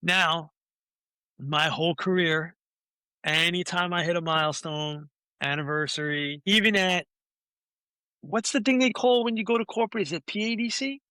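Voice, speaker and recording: Bright-voiced man swapping voices in a story. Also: high voice, normal speed, clean tone, dry recording. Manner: swears freely, acts out quoted voices. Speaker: podcast guest. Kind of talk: casual anecdote telling.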